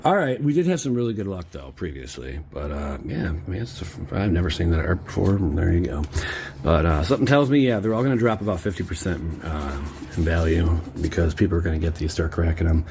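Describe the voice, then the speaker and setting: Man, low register, very animated delivery, rambling excitable streamer opening packs; faint background noise. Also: a little fast. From Cleveland area, Ohio. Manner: rambling, excitable, slangy asides to viewers. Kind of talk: casual chat while opening card packs.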